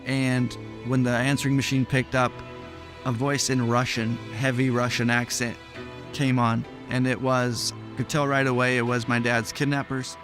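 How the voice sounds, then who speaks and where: A man's voice: mid-range voice, flat delivery, moderate pace. A man speaking in a documentary interview about his father's kidnapping, in a reflective, plain-spoken way with some hesitations. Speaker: son of a hostage. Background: faint music.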